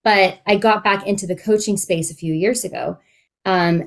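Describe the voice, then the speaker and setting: A woman in her late thirties, a life coach co-hosting a podcast, chatting candidly with plenty of fillers. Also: medium pitch. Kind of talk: casual podcast chat.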